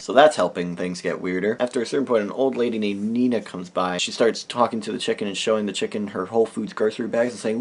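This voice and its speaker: A young man from New telling a comic story to camera as a vlogger, animated, now and then breaking into loud silly noises. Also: lowish voice, a little fast, hardly any pauses.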